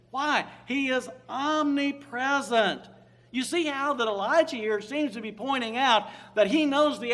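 High-voiced male preacher, dynamic sermon delivery, leans hard on key words. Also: fairly bright tone. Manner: dynamic, rising to emphatic peaks on key words; drawls slowly through scripture readings.

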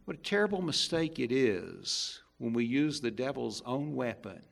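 A male preacher delivering a sermon, emphatic, swinging between loud stresses and hushed asides. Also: mid-range voice, expressive, normal speed, creaky.

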